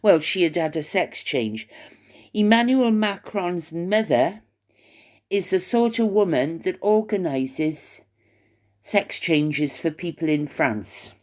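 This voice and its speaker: Rambling older woman, lowish voice. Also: expressive, slow, a little mellow. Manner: rambling, gossipy, hesitant with fillers. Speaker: YouTuber. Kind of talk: casual chat to camera. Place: retirement home, indoors.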